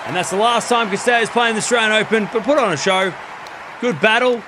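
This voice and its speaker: A man hosting a live tennis watchalong stream, chatting casually and excitedly, laughing often and thinking out loud. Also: high-pitched, fairly quick, a faint crowd. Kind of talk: live commentary and casual chat.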